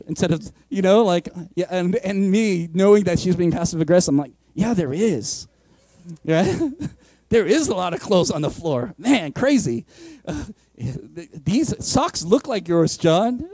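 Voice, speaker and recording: Man, pastor, sermon, high voice, dry close sound, chatty, joking, acts out voices. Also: darkish tone, no room sound. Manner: conversational and joking, acting out voices of listeners.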